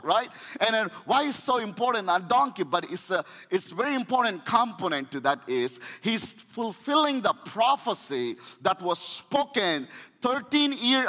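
Pastor guy preaching, high voice, goes loud then real quiet, echoey church. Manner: impassioned, swings from loud to hushed; repeats phrases for emphasis. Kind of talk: sermon.

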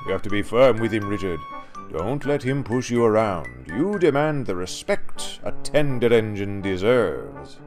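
A man voicing Gordon, a pompous, bossy male engine who booms commands, for a storybook. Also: very animated, a little slow, a little mellow, faint music behind. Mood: stern. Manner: booming, commanding.

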